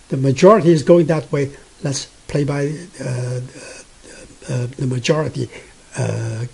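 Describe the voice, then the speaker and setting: A man whose first language is Mandarin Chinese, teaching Mandarin pronunciation patiently, repeating each sound many times with frequent pauses. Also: a little high, creaky, dark tone, husky, poor audio. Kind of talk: pronunciation lesson.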